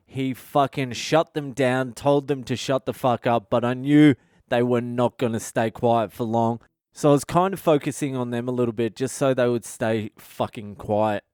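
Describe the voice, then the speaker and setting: A man's voice: medium pitch, darkish tone, clear, resonant tone, no room sound, studio quality. A man hosting his own podcast, telling a rowdy story in a blunt, foul-mouthed rant. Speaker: podcast host. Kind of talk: casual storytelling monologue.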